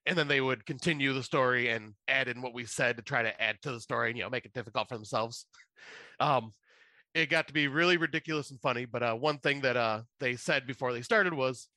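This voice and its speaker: Male podcast co-host, casual storyteller, rambling with fillers and frequent laughs; bright, dry-sounding voice. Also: medium pitch, fairly quick, no room sound. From Michigan. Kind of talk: casual chat, anecdote telling.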